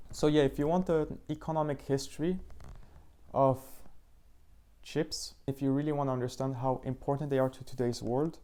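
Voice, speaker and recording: A man talks through a book review in a relaxed, unhurried monologue. His voice is mellow and dark in tone, and his pitch sits in a middle range. He hesitates now and then as he hunts for the right word. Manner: thoughtful, slightly halting, searching for words. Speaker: book channel host.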